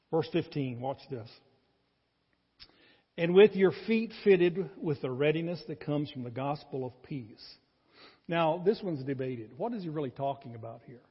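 A pastor preaches a sermon in a church sanctuary, earnest and emphatic, his intensity rising in bursts. His voice is fairly high with a breathy edge, and the recording is muffled with long reverb.

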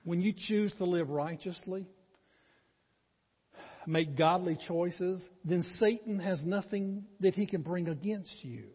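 A man's voice: high-pitched, slow, slightly rough. A man preaching a sermon as pastor, earnest and emphatic, with rising bursts of intensity. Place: church sanctuary. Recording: muffled church recording with long reverb.

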